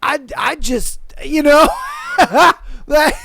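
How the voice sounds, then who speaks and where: Brief: a fed-up driver ranting in disbelief, played by a man, high and dry. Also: very slow, vocal fry, sharp tone, no echo, exaggerated voice. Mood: exasperated. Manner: incredulous, ranting. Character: exasperated male Uber driver.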